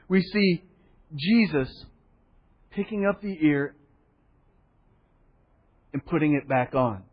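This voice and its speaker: A pastor with a high, slightly husky voice preaches in an animated, storytelling way, acting out the people he quotes. He drops to a hushed, solemn tone for the gravest points. The sound is dull and carries a long hall reverb. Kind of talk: sermon.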